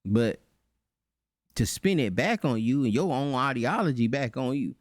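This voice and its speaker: A man hosting a reaction commentary, animated and mocking, breaking into voices to make his points. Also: mid-range voice, a little slow, no echo, clean studio sound. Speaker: channel host.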